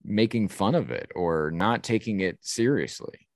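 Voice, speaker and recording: A male comedian talking as a podcast guest, his voice sitting a bit low. He speaks in a relaxed, plain way. The recording is dry and close. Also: unhurried, dry recording. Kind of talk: casual chat.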